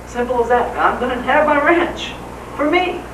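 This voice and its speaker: A man with a very high, bright voice gives an enthusiastic motivational talk, tossing rhetorical questions at the crowd. He sounds distant from the mic, his voice ringing through a roomy hall over a faint hum. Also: animated, moderate pace. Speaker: motivational speaker. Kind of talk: live seminar speech. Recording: echoey hall, voice from far off.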